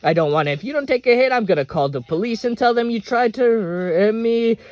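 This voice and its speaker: Man with a high-pitched voice reading every role in a fan dub, dramatic and emotional. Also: animated, fairly quick, no echo, highs cut off, faint music behind. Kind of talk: fan dub of a film script.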